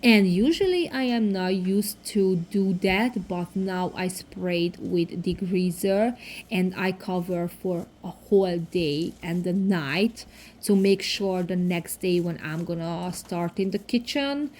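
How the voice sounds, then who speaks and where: A woman in her thirties with a foreign accent, narrating her cleaning vlog in a casual voice-over with halting, non-native phrasing and many fillers. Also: lowish voice, darkish tone, a little hiss or hum. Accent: foreign accent in English. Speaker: cleaning vlogger.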